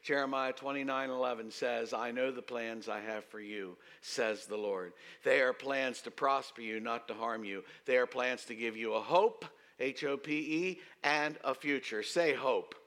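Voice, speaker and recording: Bright-voiced preaching man. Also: mid-range voice, fairly even intonation, normal speed, few pauses. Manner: emphatic, call-and-response preaching with swings from loud to hushed. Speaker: pastor. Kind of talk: sermon. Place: church sanctuary.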